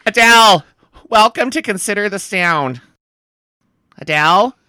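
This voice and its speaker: A starstruck radio interviewer, played by a man, gushes in a raised, bright, swooping voice. He fawns over his guest and keeps slipping into a British accent. Dry, close sound. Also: high voice, expressive, unhurried, smooth, no echo, pitched above the performer's own voice, exaggerated voice. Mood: gushing. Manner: fawning, slips into a British accent. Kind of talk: comedy sketch.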